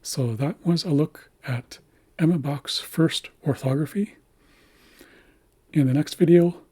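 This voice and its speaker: A man giving a screen-share language lesson, carefully repeating each word slowly and breaking it into syllables. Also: mid-range voice, darkish tone, husky. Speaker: language teacher. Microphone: webcam setup.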